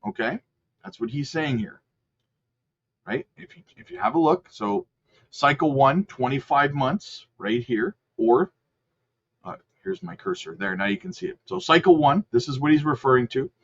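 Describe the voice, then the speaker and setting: A man's voice: mid-range voice, sing-song, normal speed, breathy edge, highs cut off. A man hosting a crypto video channel, talking loosely through a chart with lots of fillers and self-corrections. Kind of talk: casual screen-share commentary.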